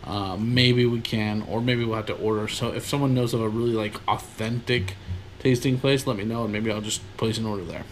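Rambling, upbeat podcast host. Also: male voice, lowish voice, slight background noise. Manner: lively, rambling, quick bursts of talk. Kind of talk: casual podcast chat.

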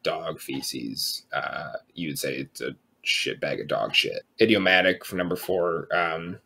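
A man co-hosting a podcast, talking in a relaxed, rambling way, full of fillers and casual swearing. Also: a bass voice, measured pace, vocal fry, slightly rough. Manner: relaxed, rambling, lots of um and sort of, swears freely. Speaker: podcast co-host.

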